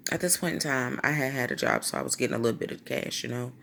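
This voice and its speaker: A woman vlogger recounts a story with lively, slangy flair and acts out what people said. Her voice sits deep with a gravelly edge. A faint hiss lies underneath. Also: quick pace. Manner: animated, slangy storytelling with acted-out quotes. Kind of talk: storytime vlog.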